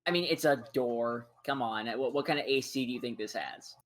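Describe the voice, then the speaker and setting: A man's voice: medium pitch, brisk. A man acting as game master, narrating a tabletop game in an easygoing, descriptive way. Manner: easygoing, describes scenes in relaxed detail.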